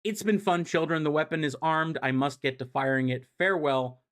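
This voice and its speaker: A man's voice: a little fast, a bit bright, clear, resonant tone, close to an everyday voice. A man playing gloating mad scientist Robotnik. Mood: smug. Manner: gloating, shrill and exaggerated. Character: ranting evil male mad scientist.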